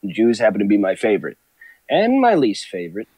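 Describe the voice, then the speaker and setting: A man's voice: fairly low pitch, wildly swooping pitch, a little fast, warm tone, husky, dry recording. A man co-hosting a live stream, telling rambling joking stories in casual banter.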